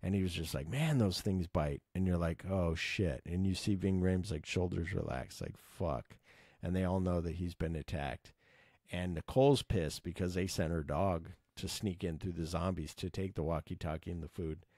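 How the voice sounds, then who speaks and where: A man casually retelling his favorite film scenes, excited and swearing, acting out the characters' lines. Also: sits low, normal speed, no room sound, clean studio sound. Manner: enthusiastic, swears, acts out quotes. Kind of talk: casual movie recap.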